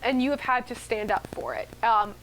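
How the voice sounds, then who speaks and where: A woman's voice: on the high side, steady tone, normal speed, fairly bright tone, slight background noise, rough recording. A woman co-hosting a casual stream, giving a love tarot reading and explaining the cards chattily.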